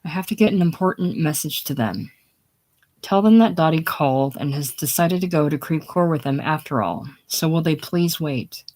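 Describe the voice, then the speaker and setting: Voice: medium pitch, expressive, normal speed, darkish tone, natural voice, rough recording. A reader voicing Dorothea, an emotional, determined grown woman, in a casual play reading. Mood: pleading.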